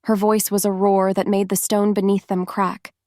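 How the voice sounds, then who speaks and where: A woman reads a romance novel aloud in a steady, even way. Her voice sits at a middle pitch. The recording is dry and close. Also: moderate pace, no room sound. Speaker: narrator. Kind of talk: scripted audiobook narration.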